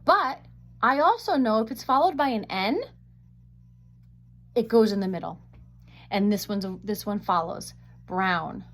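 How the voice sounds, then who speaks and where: A woman teaching a phonics lesson, sounding out words slowly and carefully on a webcam microphone. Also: medium pitch, fairly bright tone.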